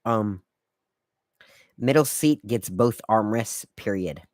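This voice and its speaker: A man with a fairly low voice hosts a casual solo podcast, recorded close and dry with no room sound. He lays out rules in a wry, lightly lecturing way. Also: slow pace, a little mellow, no room sound. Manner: wry, lecturing etiquette tips. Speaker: podcast host.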